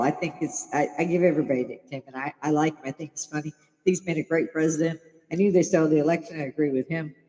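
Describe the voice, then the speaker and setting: An older Chicago woman hosts a casual livestream, her low, slightly mellow voice carrying a big-room sound on a low-quality recording. She offers opinions bluntly, swears plenty, and laughs often.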